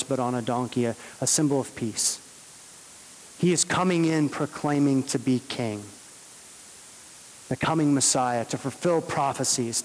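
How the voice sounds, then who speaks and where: A man preaching a sermon, earnest and steady, rising to emphatic peaks. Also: medium pitch, big-room sound, slight background noise, rough recording. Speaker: pastor.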